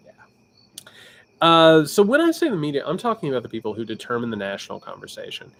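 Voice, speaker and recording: A man's voice: on the high side, fast talker. A man with a Southern Indiana accent talking casually on a livestream, loose and candid, often restarting his sentences as he answers viewer questions. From Indiana, United States. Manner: animated, with frequent restarts. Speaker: political commentator livestream host.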